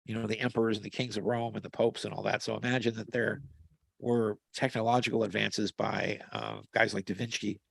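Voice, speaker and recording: On a video call mic, a man with a lowish, gravelly, fairly bright voice tells long, casual stories in a flat, slightly fast delivery. The recording is dry, and he keeps restarting sentences and dropping in fillers as he rambles.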